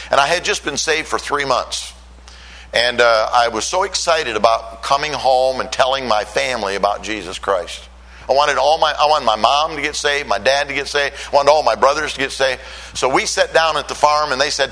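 Bright-voiced older preacher from Michigan. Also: male voice, medium pitch, poor audio. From Michigan, USA. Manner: earnest storytelling, voice rising when emotional. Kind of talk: sermon with personal testimony.

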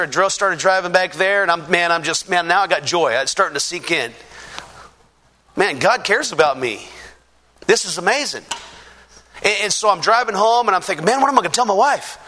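A man giving a personal testimony in a halting, earnest way, with many restarts and fillers, growing fervent and emphatic. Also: sits high, sharp tone.

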